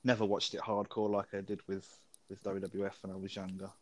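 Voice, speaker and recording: A man co-hosting a podcast, answering in halting, short casual replies. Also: deep voice, completely flat delivery, dry recording. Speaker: podcast co-host. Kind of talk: casual chat.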